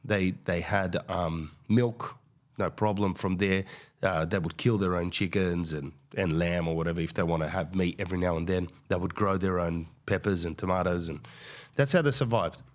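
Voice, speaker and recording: A man hosting a podcast, telling a comic story in a blunt, crude, animated way. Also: sits low, normal speed. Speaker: podcast host. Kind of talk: comedic storytelling rant.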